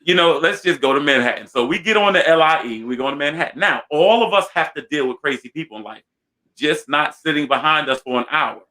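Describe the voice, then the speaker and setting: A man in his thirties hosting a talk show, telling a comic story in an animated, self-mocking way. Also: on the high side, fairly quick. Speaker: host.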